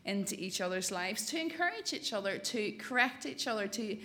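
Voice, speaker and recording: A woman leading an interactive church teaching talk, affirming answers warmly with yeah and absolutely and pausing often with um. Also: mid-range voice, expressive. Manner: affirming, thoughtful, frequent um pauses. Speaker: Bible study leader.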